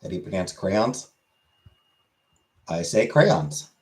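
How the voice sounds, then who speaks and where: A young man talks loosely to his stream viewers, drifting from point to point with plenty of "like" and "you know." His voice sits a bit low and easygoing. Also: slow. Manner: relaxed, rambling with many fillers. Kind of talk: casual chat with viewers.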